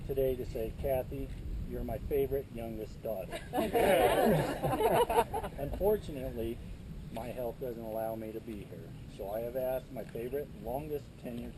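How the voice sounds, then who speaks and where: A man's voice: mid-range voice, sing-song, a little slow, long pauses, heavy background noise. A man reading a father's letter aloud at a wedding, earnest and moved.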